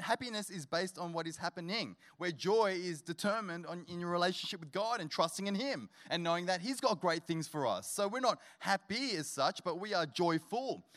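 A male guest pastor with a slightly high voice delivers a sermon at a church service. He tells a story with humor, then builds to loud, energetic exhortation.

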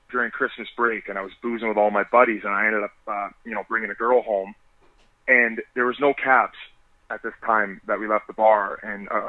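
A man's voice: fairly low pitch, no echo, phone-quality sound. Stammering, swearing man telling stories. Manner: rambling, stammers and restarts, swears freely. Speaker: podcast guest. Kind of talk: casual storytelling.

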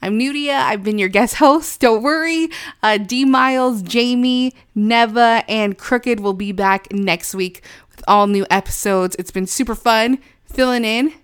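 Podcast host woman reading the outro, smooth clear voice, upbeat. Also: a little high, measured pace. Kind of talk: scripted show outro.

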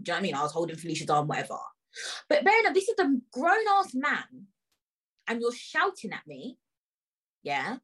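A young woman with a London accent telling an animated, indignant story in a casual rant, full of swearing and slang. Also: fairly high pitch, slightly rough, low-quality recording. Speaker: vlogger.

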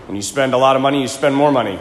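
A priest preaching a sermon, telling a personal story in an animated way with chuckling asides. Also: male voice, mid-range voice, racing, slight background noise. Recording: echoey reverberant hall.

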